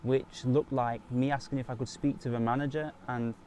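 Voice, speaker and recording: A young man who wants to run a marketing agency narrates a reflective vlog voice-over about building his business, sounding earnest and self-critical. His medium-pitched voice is steady, mellow and moderately paced. A music bed runs underneath, with a little hiss or hum.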